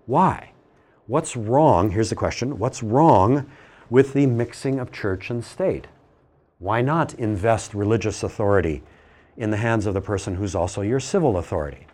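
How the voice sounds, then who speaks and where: A middle-aged man giving a classroom lecture, animated and teasing, asking the class questions as he goes. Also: lowish voice, normal speed.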